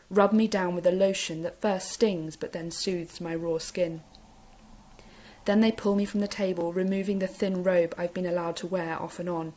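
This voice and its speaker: A woman teacher reads a novel aloud in a steady, expressive way. Her voice sits a little low for a woman. She keeps an even storybook pace through the narration. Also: poor audio.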